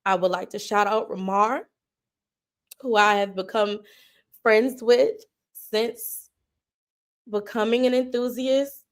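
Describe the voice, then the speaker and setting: A woman hosting a livestream delivers a heartfelt mock-funeral tribute in a fairly high, steady voice, speaking slowly and pausing often. Her manner is homey and emotional, slipping into a churchy, sermon-like cadence.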